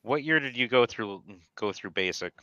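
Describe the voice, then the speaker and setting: A man's voice: medium pitch, animated, moderate pace, sharp tone, clean tone, no room sound, highs cut off. A man in casual chat who teases the others with blunt jabs.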